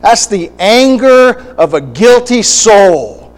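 A man preaching a sermon, animated and acting out quoted voices, with short laughs between points. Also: high-pitched, measured pace, poor audio.

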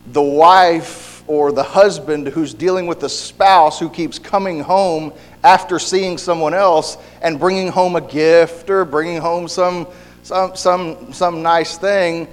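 A man's voice: a little high, slow pace. A man preaching a sermon in a conversational way, often repeating words and briefly acting out the people he quotes. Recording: hall reverb.

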